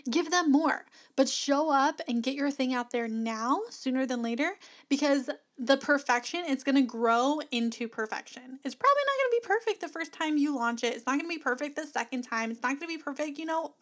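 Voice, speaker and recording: Her voice sits high as she hosts her own casual, encouraging podcast, laughing often. She's a business coach doing chatty, upbeat motivational talk into a podcast mic that's plugged into an audio box.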